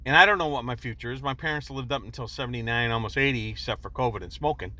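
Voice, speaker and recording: A man's voice: medium pitch, quick pace, bright, forceful tone. Earnest rambling man in his sixties. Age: 60s. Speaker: vlogger. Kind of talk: personal storytelling monologue.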